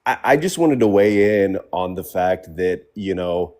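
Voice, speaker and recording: A man's voice: sits low, expressive, measured pace, a little mellow. A man in his forties joining a debate stream as a caller, hesitant and hedging. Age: 40s.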